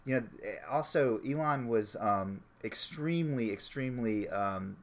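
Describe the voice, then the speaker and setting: A man hosting a casual chat, rambling through a story, swearing freely and getting animated when he makes a point. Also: mid-range voice, a little slow.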